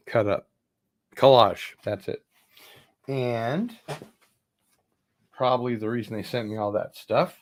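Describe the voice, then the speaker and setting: Slow, low-voiced man unboxing. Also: gravelly. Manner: relaxed, rambling, offhand asides. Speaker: vlogger doing unboxings. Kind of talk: casual unboxing chat.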